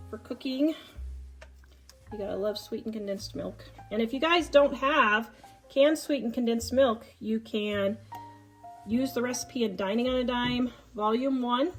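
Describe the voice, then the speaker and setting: Home-cook host: a woman from Kansas with a Kansas accent, slightly high voice, chatty, faint music underneath. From Kansas, USA. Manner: chatty, joking, laughs often. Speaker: cooking show host. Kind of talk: casual cooking demonstration. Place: home kitchen.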